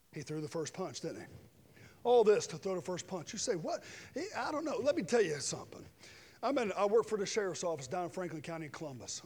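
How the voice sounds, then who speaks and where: Middle-aged male preacher, high-pitched, shifting between loud preaching and quiet jokes, with reverb from the church hall. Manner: swings from shouted preaching to quiet joking asides. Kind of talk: sermon with personal stories. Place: church sanctuary with long reverb.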